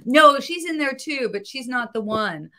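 A woman comic book writer, a guest in a casual interview, talking in an animated way, laughing often and searching for her words. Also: sits high, moderate pace.

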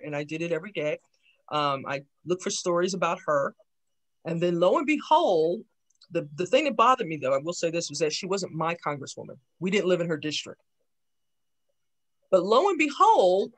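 A woman in her sixties from New York City, giving a lively talk about her life and acting out remembered conversations. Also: mid-range voice. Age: 60s. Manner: lively storyteller who acts out remembered dialogue. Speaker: invited speaker, town council member. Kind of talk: personal storytelling talk.

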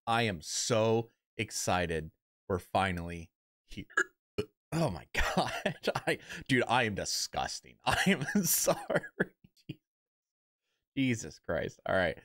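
Excitable, swearing man reacting to music. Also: low-pitched, takes it slowly, no room sound, studio quality. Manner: excitable, rambling, swears often. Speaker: reaction channel host. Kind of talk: casual reaction commentary.

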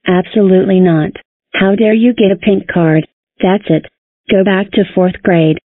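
Cast a female text-to-speech voice as a strict cartoon teacher, mid-pitched, dry, tinny. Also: fairly even intonation, normal speed, no echo, close to an everyday voice. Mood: scolding. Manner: stern, scolding. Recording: tinny phone-like sound.

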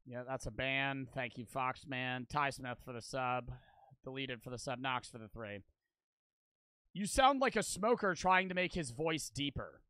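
A man's voice: mid-range voice, expressive, measured pace, sharp tone, clear, resonant tone, no echo. A man in his twenties streaming and reacting to videos, rambling and joking with a lot of profanity. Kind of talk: casual stream chat.

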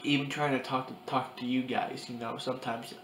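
Here a vlogger in his early twenties talks to his camera while crying, his voice mid-range and unchanging in tone. His speech breaks off, restarts and loops back on itself. It's recorded on the camera's own mic in a reverberant room with light hiss.

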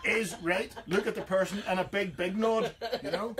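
Speaking fairly fast in a high, steady voice, a Northern Irish radio host keeps a comic chat going by acting out everyday phrases he's overheard in jokey voices. Slight background noise can be heard.

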